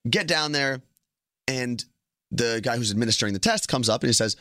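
A man's voice: medium pitch, expressive, brisk, sharp tone, dry recording, studio quality. A young man co-hosting a casual podcast, telling stories and teasing his co-host. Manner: joking, storytelling, teasing. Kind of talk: casual chat.

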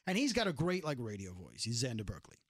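A man's voice: medium pitch, huge pitch swings, fast talker, husky, dry recording, studio quality. A man from Brooklyn with a New York accent, co-hosting a podcast in rambling, joking casual chat. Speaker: podcast co-host.

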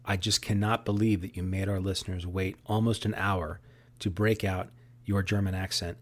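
A man's voice: low voice, little pitch movement, normal speed. A man co-hosting a casual soccer podcast, speaking in an articulate, wry and opinionated way. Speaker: podcast co-host.

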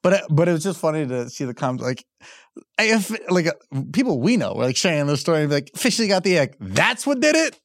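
Male podcast co-host, loose and profane, slightly high, dry close mic. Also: sing-song, quick pace, dry recording. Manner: loose, profane, riffing with laughs. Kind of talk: casual chat.

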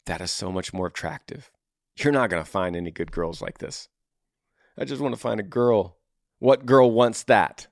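A man's voice: on the low side, animated, moderate pace, dry recording, studio quality. Blunt, earnest male podcast host. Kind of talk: casual advice podcast.

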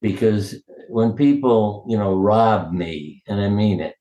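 An older man with a lowish voice tells personal stories as an interview guest. He is warm and anecdotal, easing into each tale. The sound is roomy, with a clear echo around him. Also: slow pace. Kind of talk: storytelling in conversation.

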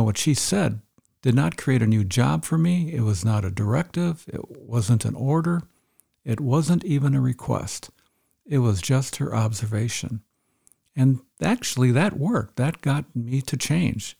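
Middle-aged male coach, mellow and gravelly, earnest and explanatory. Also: mid-range voice, big pitch swings, moderate pace. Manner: earnest, explanatory, repeats key points. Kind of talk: instructional talk.

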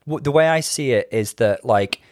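A man co-hosting a casual podcast chat, calmly talking through his reasoning. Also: medium pitch, dry recording, studio quality. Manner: measured, analytical, explains strategy. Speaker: podcast co-host.

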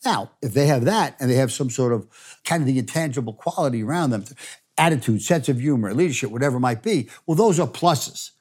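Older male interview guest, lively storyteller, mid pitch. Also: a little fast, slightly rough. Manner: animated storyteller, laughs while telling stories. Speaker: former football coach and CEO, guest.

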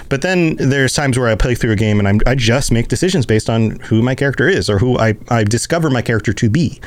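A man's voice: medium pitch, expressive, fairly quick, hardly any pauses, no room sound. A man hosting a casual game chat, rambling with frequent laughs and restarts. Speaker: podcast host. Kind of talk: casual chat about video games.

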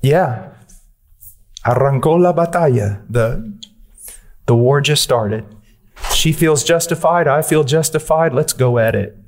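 A man with a somewhat high-set voice delivers a sermon. He is earnest and direct and keeps pressing his listeners with pointed questions. Now and then he slips in a blunt, dry joke. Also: slow pace, pauses often. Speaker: preacher.

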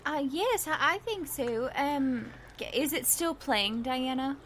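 A woman playing a tabletop game, soft-spoken and giggly. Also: sits high, animated, slow, a little hiss or hum. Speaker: player. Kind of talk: casual tabletop game chat.

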